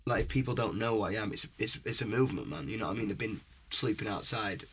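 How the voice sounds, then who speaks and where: Husky low-voiced young man rambling earnestly. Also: lively intonation, fast talker, fairly bright tone. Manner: earnest and rambling, often asks "you know what I mean?". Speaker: musician guest. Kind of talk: casual interview chat.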